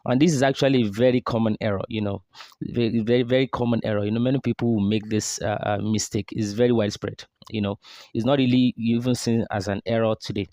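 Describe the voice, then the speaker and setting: A man from Nigeria, teaching recitation and drilling sounds slowly over and over. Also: lowish voice, fairly even intonation, warm tone, dry recording, studio quality. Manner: slow drawn-out model syllables, repeated drills. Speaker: tajweed teacher. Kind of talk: recitation lesson.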